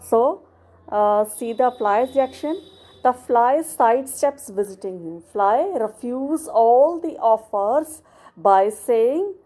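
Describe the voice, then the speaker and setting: A woman's voice: on the high side, mellow. A woman with an Indian English accent, explaining a poem step by step as an English tutor. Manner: slow, patient, step-by-step explaining.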